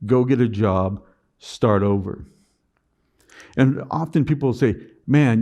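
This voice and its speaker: A middle-aged man on stage, telling an audience a story about his own business. His voice sits at an ordinary pitch for a man. He slips into voicing his past self as he goes, and his storytelling stays animated throughout. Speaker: conference speaker.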